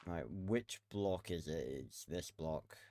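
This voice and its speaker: A gaming video creator talks casually over a building game in a low, slow, warm voice, muttering to himself, cursing now and then, and laughing. There's a little background noise in the recording.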